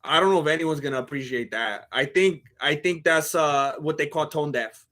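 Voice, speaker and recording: A man's voice: a little high, moderate pace, bright, forceful tone. A man hosting a live fight commentary stream, talking in a blunt, joking, chatty way.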